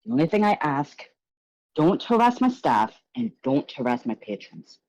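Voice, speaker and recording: Woman voicing a tall male drag host with a wobbly Irish lilt, flirtatious, calls everyone darling; lively, high swoops. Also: normal speed, no room sound, lo-fi sound. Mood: teasing. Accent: attempted Irish. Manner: sultry, teasing, calls people darling.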